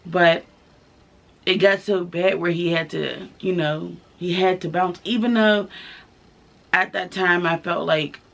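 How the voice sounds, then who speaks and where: A young woman telling her own story to the camera in a casual vlog, candid and soft-spoken, pausing often with fillers. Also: fairly low pitch, steady tone, gravelly. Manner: candid, halting, many fillers. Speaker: vlogger. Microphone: camera mic, filming herself.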